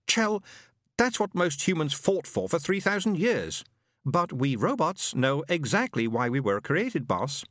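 Guy putting on a booming robot servant, pompous and pedantic, higher voice, dry sound. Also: sing-song, a little slow, a bit bright, no room sound. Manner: fussy, formal, pedantic. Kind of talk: audiobook character reading.

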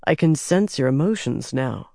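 A composed, stern general who speaks in a steady, measured way with a quiet wry edge, read by a man narrating an audiobook. The sound is dry and close. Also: medium pitch, creaky, no room sound.

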